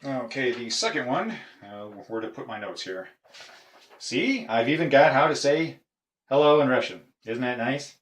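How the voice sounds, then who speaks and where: A middle-aged man collecting padlocks, talking casually in a show-and-tell video, halting with frequent pauses. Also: mid-range voice, expressive, fairly bright tone. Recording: echoey room.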